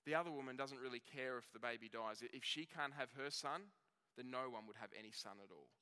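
A man preaching a sermon, telling the story in a conversational way and slowing down on key words. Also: mid-range voice, pushed and bright, smooth. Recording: long reverb of a hall.

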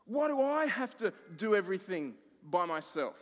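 A man's voice: sits high, sing-song, normal speed, fairly bright tone, long reverb tail, pitched above the performer's own voice. A man voicing a frustrated, put-upon woman who whines and complains about her sister. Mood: exasperated. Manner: exasperated, whiny complaining.

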